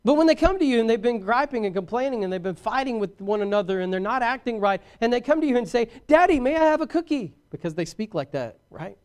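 A man preaching a sermon to his congregation, swinging between loud exhortation and hushed, earnest talk, and calling out for amens. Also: high voice, expressive, fast talker, few pauses, clean tone. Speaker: pastor.

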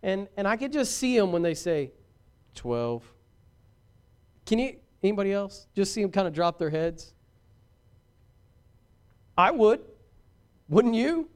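Male pastor, sermon, high voice, animated, chatty asides to the congregation. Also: moderate pace, pauses often. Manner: animated preaching, swings from shouting to hushed.

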